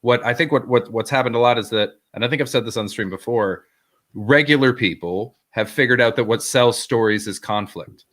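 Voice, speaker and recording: Man from Canada, co-host, measured, some hesitations, mid-pitched. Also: a bit bright. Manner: measured, thoughtful, hesitant fillers. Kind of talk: casual chat, storytelling.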